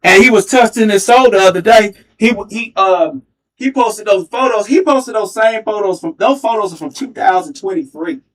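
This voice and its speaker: A man's voice: high voice, normal speed, recorded from a distance. A man hosting a livestream who talks in a taunting, confrontational way and repeats his jabs, speaking into a headset mic. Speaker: livestream host. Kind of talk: heated livestream rant.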